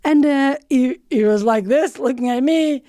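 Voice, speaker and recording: A woman giving a reflective motivational talk in short phrases with frequent pauses and non-native English phrasing. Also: high voice, mellow, no room sound, clean studio sound. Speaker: motivational speaker.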